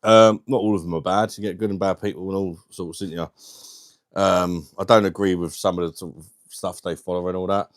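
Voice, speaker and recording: A man's voice: deep voice, fairly even intonation, a little fast, no echo, studio quality. A young man hosting a casual live stream on a wireless mic, chatty and laughing often as he greets viewers by name. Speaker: livestream host.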